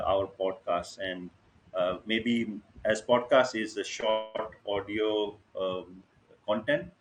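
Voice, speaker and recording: A fairly low-voiced man teaches over a video call, with a light hiss of room noise underneath. He talks in a halting, casual way, filling pauses and checking that the group keeps up. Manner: halting, many fillers, checks in with listeners. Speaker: online workshop instructor. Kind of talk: casual live teaching over screen share.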